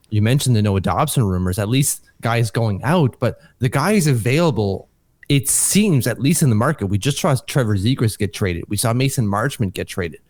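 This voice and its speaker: A man co-hosting a hockey podcast, excitable and casual, often restarting his sentences and swearing now and then. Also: mid-range voice, no echo. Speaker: podcast co-host.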